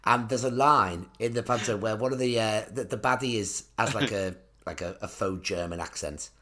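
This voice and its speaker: A man's voice: on the low side, moderate pace, sharp tone, a little hiss or hum. A man, co-hosting a casual comedy podcast, rambling and laughing at his own jokes. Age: 30s. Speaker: podcast co-host.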